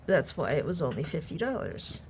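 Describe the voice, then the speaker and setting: A woman chatting casually as she unboxes a collectible on her channel, excitable and sometimes dropping to soft murmurs. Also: sits low, fairly quick, a little hiss or hum. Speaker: unboxing vlogger.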